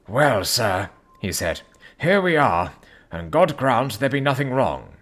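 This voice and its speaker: A man voicing an anxious, loyal older male butler who speaks in an urgent, hushed and fearful way. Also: mid-range voice, sing-song, slow pace, full character voice.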